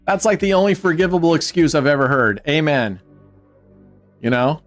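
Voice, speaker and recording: Male stream host, upbeat teasing banter, a bit high-pitched, soft music bed. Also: animated, moderate pace. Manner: joking, teasing banter with chat. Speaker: livestream host. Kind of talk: casual livestream chat.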